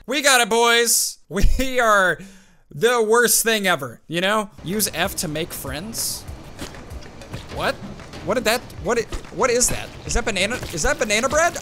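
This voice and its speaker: Excitable young male let's-player, high and bright tone, faint game music behind. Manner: excitable, exclaiming, laughing. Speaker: gaming video host. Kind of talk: let's play commentary.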